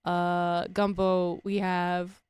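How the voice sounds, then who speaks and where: A woman's voice: lowish voice, little pitch movement, drawn-out words, a little mellow, smooth, dry recording. A young woman from Louisiana with a Cajun accent, chatting casually as a streamer, rambling, correcting herself and laughing often. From Louisiana, USA. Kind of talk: casual chat.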